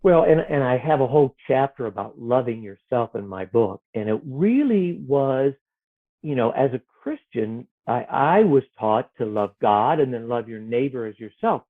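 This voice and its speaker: A man, an author, talking earnestly and gently about faith and self-worth, sometimes acting out the voices in his head. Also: mid-range voice, lively intonation, normal speed. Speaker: author guest. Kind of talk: reflective spiritual conversation. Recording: tinny phone-like line.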